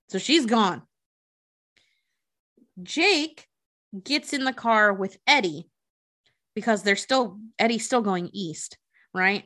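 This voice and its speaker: A woman's voice: mid-range voice, sharp tone. A woman hosting a podcast, casually and profanely retelling a movie plot, slipping into the characters' voices. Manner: profane, chatty, acts out characters' lines. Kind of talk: casual movie recap storytelling.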